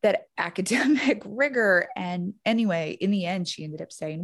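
A woman's voice: on the low side, normal speed, vocal fry. A woman in her thirties, a guest on a chat podcast, telling a story casually with lots of fillers and quoted speech. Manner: storytelling with many fillers, quoting others. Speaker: guest doctor.

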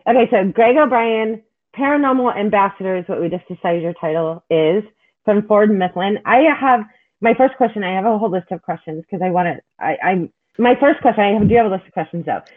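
A woman's voice: mid-range voice, animated, a little fast. A woman interviewing a guest, chatty and eager, tripping over her own words. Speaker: podcast host. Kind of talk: casual interview chat. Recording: tinny phone-like line.

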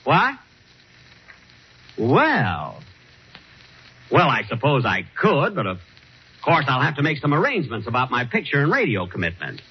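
Man, radio comic, indignant straight man, swooping pitch, old hissy broadcast sound. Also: wildly swooping pitch, a little slow, pauses often, breathy edge. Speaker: comedy show host. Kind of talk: 1940s radio comedy acting. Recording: hissy dull vintage radio recording.

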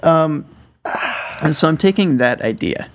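A young man from Minnesota, co-hosting a podcast in casual chat and pitching ideas in a laid-back way. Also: lively intonation, slow pace. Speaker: podcast co-host.

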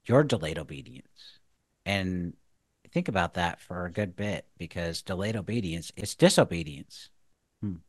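A deep-voiced man co-hosts a faith talk show on marriage. He sounds earnest and a touch preachy, with lots of restarts and "you know." The sound is dry and close. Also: steady tone, normal speed, dry recording. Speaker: podcast co-host.

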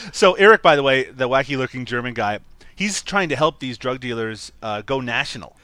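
A man co-hosts a casual movie podcast with an amused, animated delivery. His voice swings lively through its pitch and sounds bright, and the recording is dry and close. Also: normal speed, long pauses, no echo. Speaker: podcast co-host. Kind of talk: casual chat about a movie.

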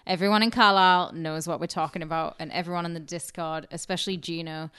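A woman, co-hosting a podcast in sweary, animated casual chat. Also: fairly low pitch, quick pace, clear, resonant tone, dry recording, clean studio sound. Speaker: podcast co-host.

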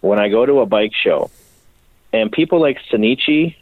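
A bike builder from Minnesota telling animated, profane stories in a casual interview. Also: male voice, mid-range voice, moderate pace, no room sound. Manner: animated, profane, rambling storyteller. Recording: tinny phone-like line.

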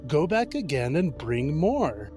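A man's voice: a little high, sing-song, slow, darkish tone, soft background music. A man doing a bold fearless soldier. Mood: defiant. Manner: defiant, mocking.

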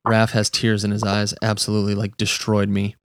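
A man's voice: lowish voice, monotone, brisk, dry recording, clean studio sound. A man hosting a podcast, chatting enthusiastically about a comic book issue with a guest. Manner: enthusiastic, chatty, lots of "like" and "dude". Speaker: podcast host. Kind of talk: casual comic book review chat.

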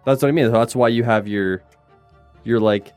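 A man in casual podcast chat, cracking playful deadpan jokes. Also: mid-range voice, moderate pace, faint music behind.

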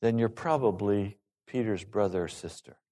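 A male pastor preaching a sermon to his congregation in an animated, rising and falling delivery. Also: on the low side, moderate pace.

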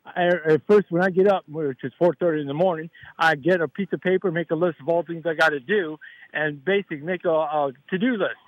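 A caller phones in to a radio talk show, a man with a somewhat high voice who talks briskly, earnestly, and in a rambling way, running his thoughts together. The recording is dry and has phone-quality sound.

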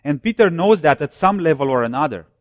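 A preacher delivers a sermon in a somewhat high-pitched voice, animated and quick, stacking short repeated phrases for emphasis. When he cites chapter and verse, he drops low and quiet. The sound is dry and close, with no room echo.

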